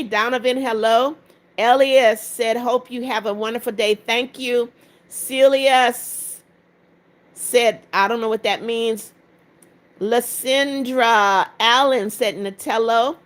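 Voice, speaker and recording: A tired woman in her seventies runs a live stream with a slightly high voice. She reads out each viewer comment in turn and gives it a short, plain answer. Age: 70s. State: tired after two hours of talking. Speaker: livestream host.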